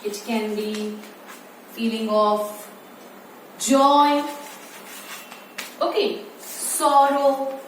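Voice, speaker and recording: A woman teaching an online English lesson to young children, repeating key words slowly and drawing them out. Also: on the high side. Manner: slow, repetitive, stretching key words. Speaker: primary school English teacher. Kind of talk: online class lecture. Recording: distant, very echoey room with faint noise.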